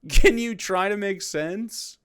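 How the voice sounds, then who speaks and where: A man's voice: high-pitched, slow, a bit bright, smooth, no echo, studio quality. A man streaming live, reacting to a video with sarcastic, profane, mocking commentary.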